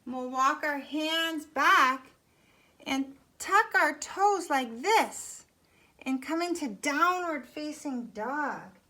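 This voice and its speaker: A woman leading a yoga class for young children at home, talking gently and encouragingly as she guides each step. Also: high voice, animated, takes it slowly.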